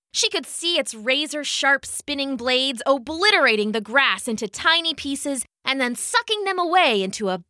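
A woman narrating a children's story in an expressive, unhurried reading. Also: high-pitched, no echo, clean studio sound.

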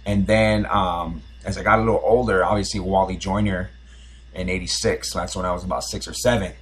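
A man in his forties with a slightly low, husky voice tells a long story on a podcast. He rambles and restarts often, circling back with fillers as he goes. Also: fairly even intonation, a little fast. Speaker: podcast host. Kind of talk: casual storytelling.

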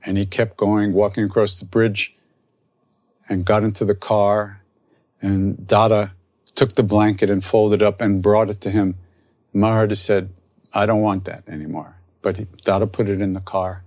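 A man, a spiritual teacher, telling a story and then reflecting softly on spiritual practice. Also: lowish voice, flat delivery, normal speed, no room sound. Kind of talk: storytelling talk.

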